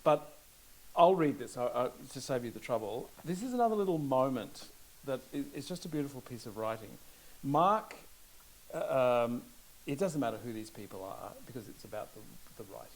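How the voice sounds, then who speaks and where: A man's voice: mid-range voice, animated, normal speed, rough recording. A man interviewing an author about her book, thoughtful and reflective. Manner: thoughtful, reads aloud.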